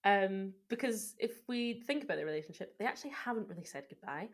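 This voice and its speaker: A woman's voice: medium pitch, animated, fast talker. A young woman co-hosting a casual podcast, talking through a film with gushing enthusiasm and close analysis. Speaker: podcast co-host.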